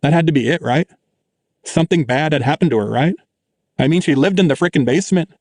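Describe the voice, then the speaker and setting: A man's voice: a little high, fast talker, a little mellow, no room sound, studio quality. A man reading a first-person audiobook in a wry, plain, conversational teenage voice. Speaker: audiobook narrator.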